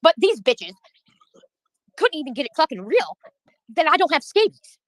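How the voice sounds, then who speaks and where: A woman's voice: high voice, sing-song, moderate pace, no room sound, poor audio. A woman livestreaming, venting in a heated, profane rant while answering her chat.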